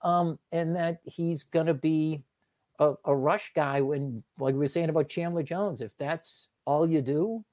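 A man's voice: on the high side, a little slow, darkish tone. A man talking as a guest on a casual sports podcast, rambling and restarting as he breaks down football players. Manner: rambling, self-correcting football talk.

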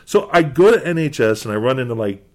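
A man from New Hampshire tells a story on a casual podcast. His pitch swings widely, and he swears often while filling his talk with "like". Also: fast. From New Hampshire, USA. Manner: animated, profane, full of "like". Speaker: guest, skateboard brand owner.

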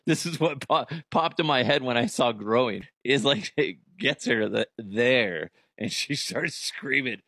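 A man hosting a comedic commentary show about odd news, animated and profane. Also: medium pitch, measured pace, hardly any pauses, dry recording, studio quality. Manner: animated and profane, jumps into silly voices. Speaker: host.

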